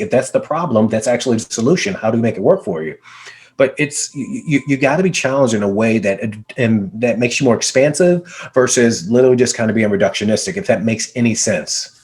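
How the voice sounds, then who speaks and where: A man, a business coach, telling a story in conversation, energetic and emphatic, repeating words for effect. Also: medium pitch, a little fast. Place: video call.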